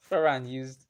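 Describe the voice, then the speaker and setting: Chatting loosely with his livestream audience, a young Nigerian host speaks in a mid-range voice with a Nigerian accent. Igbo is his first language, and repetition runs all through his talk.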